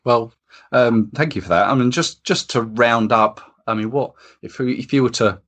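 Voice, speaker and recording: A male podcast host asking hesitant, halting questions from off the mic. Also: low-pitched. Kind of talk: interview questions.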